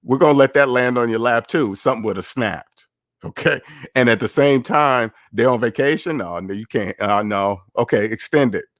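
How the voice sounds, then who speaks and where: A man's voice: mid-range voice, moderate pace, fairly bright tone, dry recording, clean studio sound. A man giving casual livestream commentary on personal finance, blunt and sarcastic, repeating his points.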